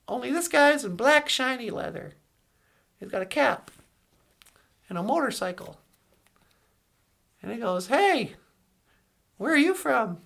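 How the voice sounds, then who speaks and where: A woman's voice: high-pitched, gravelly, bright, forceful tone. A woman telling a long joke story on a live stream in a rambling way, correcting herself as she goes.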